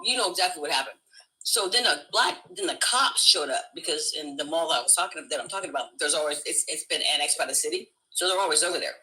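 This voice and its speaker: A middle-aged woman hosting a live stream, telling a story in casual chat, swearing freely and acting out loud shrieks. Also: fairly low pitch, lively intonation, fast, poor audio. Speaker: livestream host.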